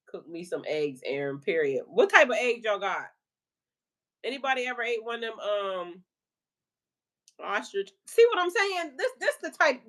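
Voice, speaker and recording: Chatty, playful woman with a higher voice. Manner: chatty and playful, laughs often, slangy. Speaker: spiritual life coach and channel host. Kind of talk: casual livestream chat with viewers.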